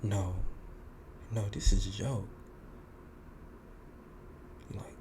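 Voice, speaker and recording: A man's voice: fairly low pitch, a little slow, long pauses, noisy background. Guy hosting a podcast, acts out the quotes, cusses a lot. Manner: animated, acts out quoted lines, swears. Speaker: podcast host. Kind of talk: casual storytelling monologue.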